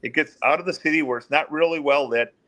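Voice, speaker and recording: A middle-aged man with a slightly raised pitch tells police stories in a lively, conversational way. He jumps into the voices of the people he quotes, lifting his pitch as he plays them out. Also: fast talker. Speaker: guest, former police officer. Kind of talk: storytelling in an interview.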